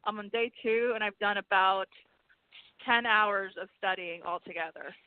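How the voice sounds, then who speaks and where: A woman co-hosting a political talk radio show, bubbly and quick to laugh. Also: medium pitch, smooth, dry recording. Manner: bubbly, laughs often, many fillers. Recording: dry tinny phone line.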